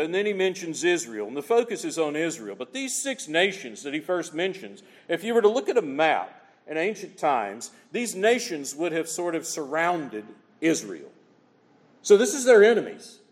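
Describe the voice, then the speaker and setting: Male pastor, slightly high voice, animated preacher, long hall reverb. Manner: animated preaching, rhetorical questions, reads scripture aloud. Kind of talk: sermon.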